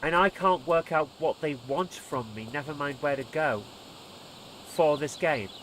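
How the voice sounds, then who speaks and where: A man's voice: a little high, a little slow, a bit bright, a little hiss or hum. A man commentating casually on his gameplay as a let's play host, exasperated and muttering under his breath.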